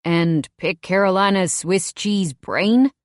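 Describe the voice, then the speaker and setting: A woman voicing a gruff, angry young man. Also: medium pitch, slow pace, no echo, studio quality, lightly acted. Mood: angry, stern. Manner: growling, curt.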